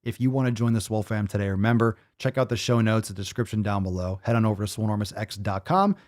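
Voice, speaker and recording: A man's voice: on the low side, fast talker, a little mellow. A male podcast host in casual chat, talking in a boisterous, profane, mock-bragging way.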